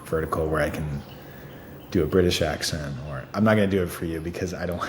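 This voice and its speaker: A man with a rumbling low voice speaks fairly quickly as an actor guest in an interview. He chats casually, full of fillers and easy laughter, in an echoey room with faint noise.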